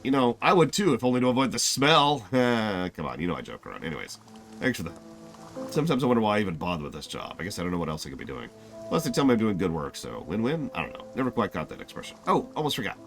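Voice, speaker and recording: A man's voice: sits low, huge pitch swings, fast talker, faint music behind, exaggerated voice. A man reading the lines of a wry hospital worker in a game, offhand and teasing.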